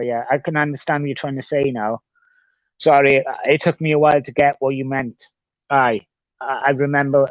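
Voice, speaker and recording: A man's voice: medium pitch, no echo. A man livestreaming in casual chat, rambling and swearing often as he repeats himself. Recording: dull, dry sound.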